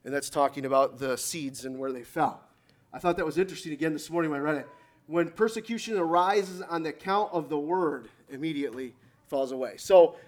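A man preaching a sermon to a congregation, reading scripture and telling stories with emphatic exhortation. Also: fairly high pitch. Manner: emphatic, rising to loud exhortation.

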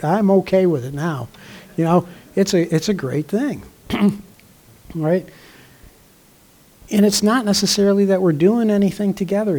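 An older male pastor preaching in a loose, conversational way, often pausing to clear his throat. His voice sits a little high for a man, and he leans on easy fillers as he talks to his congregation. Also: dark tone. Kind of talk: sermon.

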